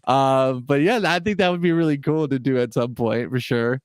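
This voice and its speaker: A man's voice: mid-range voice, moderate pace, clear, resonant tone, no room sound. Male co-host, casual and rambling, dry room. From Chicago area. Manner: rambling, many fillers and restarts. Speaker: podcast co-host. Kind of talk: casual interview chat.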